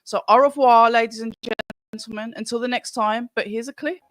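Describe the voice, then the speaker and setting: A man's voice: extremely high pitch, steady tone, brisk, fairly bright tone, soft background music. A man hosting a live chat show, upbeat and jokey, reading out viewer comments.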